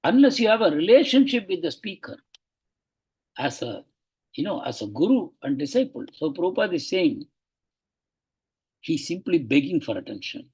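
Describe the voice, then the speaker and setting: A man's voice: on the high side, big pitch swings, normal speed, pauses often, a little mellow, husky, low-quality recording. A man giving a devotional class, reading aloud from a biography and commenting on it in an earnest, explaining way, with frequent hesitations and bursts of urgency.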